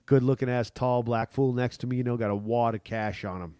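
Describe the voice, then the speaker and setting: Excitable, clear-voiced male podcast co-host. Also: medium pitch, brisk, no room sound, clean studio sound. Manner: excitable, profane, slips into mock voices. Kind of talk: casual chat.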